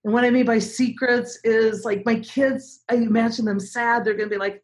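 A woman's voice: a little high, moderate pace. A woman in her forties, a speaker and trainer, telling a dramatic story as an interview guest and acting out other people's voices. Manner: animated, dramatic storyteller who acts out voices.

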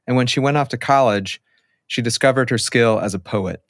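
A man hosting an interview, with a calm and affirming way of asking. His voice is even in pitch and recorded dry and close. He also narrates short links between the answers. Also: fairly quick, dry recording. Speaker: interviewer, host.

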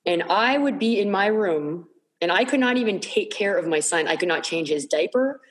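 Halting, earnest woman podcast guest. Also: mid-range voice, expressive. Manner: halting, repeats words, many fillers. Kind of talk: candid personal storytelling.

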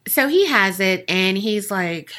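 A woman's voice: medium pitch, expressive, takes it slowly, pushed and bright. A woman co-hosting a podcast, telling a story in casual, profane chat full of "like" and "you know", often giggling. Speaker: podcast co-host.

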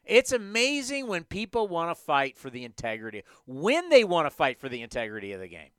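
A man's voice: a little high, wildly swooping pitch, brisk, a bit bright, clean tone, dry recording. A man hosting a sports talk show, ranting emphatically with rhetorical questions.

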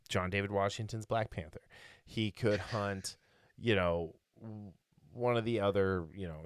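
A man's voice: fairly low pitch, a bit bright, no room sound, studio quality. A man co-hosting a podcast in casual chat, rambling and opinionated, with many fillers and restarts. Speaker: podcast co-host.

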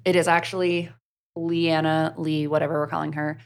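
A woman from the American South with a light Southern accent, co-hosting a podcast and recapping a book in casual, animated chat full of "like.". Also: sits low, normal speed, gravelly. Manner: chatty, animated, many "like" fillers. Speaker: podcast co-host.

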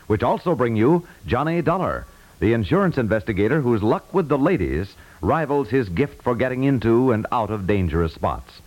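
A man's voice: medium pitch, darkish tone, low-quality recording. A man announcing a promo for a 1950s radio network, polished and emphatic. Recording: old radio broadcast recording.

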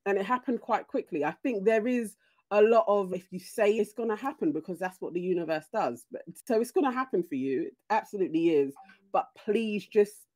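A woman's voice: mid-range voice, lively intonation, brisk, darkish tone, dry recording. A woman co-hosting a podcast, giving emphatic, encouraging advice in casual chat. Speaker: podcast co-host.

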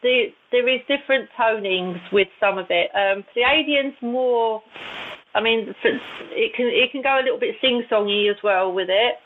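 A woman, a guest on an interview, telling stories in a chatty, animated way with frequent laughs. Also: a little high, moderate pace. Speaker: guest, intuitive and channeler. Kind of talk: casual storytelling in an interview. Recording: tinny phone-like line with faint hiss.

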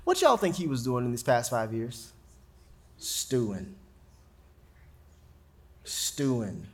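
A man's voice: medium pitch, fairly quick. A man preaching a sermon, reading scripture dramatically. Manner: animated, dramatic Bible reading. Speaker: pastor.

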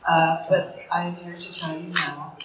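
A woman's voice: fairly low pitch, flat delivery, moderate pace, heavy background noise. A woman actress on a convention panel, chatting in a jokey, rambling way and laughing often. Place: convention stage. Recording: echoey hall, voice from far off.

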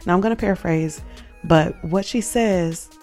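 Gravelly, mellow-voiced woman telling faith stories. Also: on the low side, moderate pace, faint music behind. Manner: earnest and reflective, emotional at peaks. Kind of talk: personal faith storytelling.

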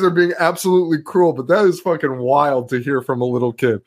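A man's voice: a little high, fast talker, few pauses. A young man co-hosting a podcast, talking casually, swearing a lot and laughing often. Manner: animated, profane, laughs often. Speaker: podcast co-host. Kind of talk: casual chat.

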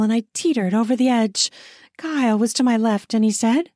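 A woman narrating a first-person erotic audio story in an intimate, soft, drawn-out manner. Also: on the high side, no echo, studio quality.

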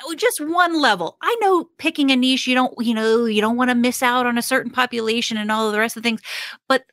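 A woman's voice: on the high side, fast, a bit bright, no echo, studio quality. A woman working as an HR consultant and coach, chatting casually with many fillers, restarts and laughs. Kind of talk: casual podcast conversation.

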